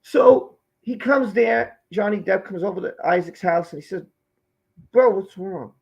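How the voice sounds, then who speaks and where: A man's voice: sits high, normal speed, vocal fry, breathy edge, dull audio. A man giving emphatic live-stream commentary, repeating key phrases for weight.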